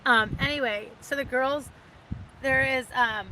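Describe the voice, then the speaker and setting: A woman's voice: sits high, steady tone, a little slow, noisy background. A woman hosting a casual livestream, chatting in a rambling way and reading out viewer comments. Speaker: livestream host.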